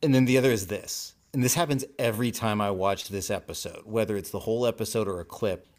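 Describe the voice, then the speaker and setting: A man's voice: on the low side, fast. A man guesting on a casual podcast as a former co-host, speaking with dry, mock-indignant energy.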